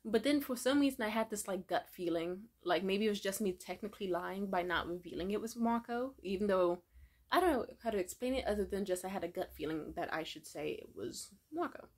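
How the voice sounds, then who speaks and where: A woman's voice: mid-range voice, fairly quick. A young adult woman telling a long story on her vlog in a casual, profane rant full of "like" fillers. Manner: profane, heavy filler words, animated retelling. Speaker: vlogger.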